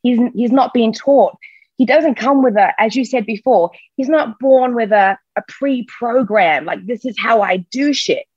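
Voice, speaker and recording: A woman's voice: on the high side, measured pace, slightly rough, no room sound, highs cut off. A woman parenting coach speaking reassuringly and emphatically on a podcast, often repeating key phrases. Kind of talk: casual podcast chat.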